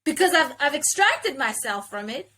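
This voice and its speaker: A woman's voice: high voice, very animated, normal speed, bright, forceful tone. A woman as a guest in a casual conversation, earnest and reflective, thinking aloud with small restarts.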